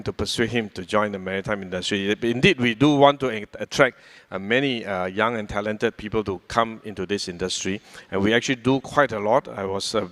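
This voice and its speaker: An older man with a Singaporean accent speaks in a lowish voice. He answers audience questions at a public event, measured and full of pauses and fillers. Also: fairly bright tone. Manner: measured, many hesitations. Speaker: government minister answering questions. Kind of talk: fireside chat Q&A.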